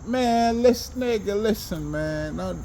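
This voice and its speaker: A man talking in a casual, rambling monologue about self-improvement, animated and profane, with many restarts and bursts of laughter. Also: on the high side, a little slow, breathy edge. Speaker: self-help talker.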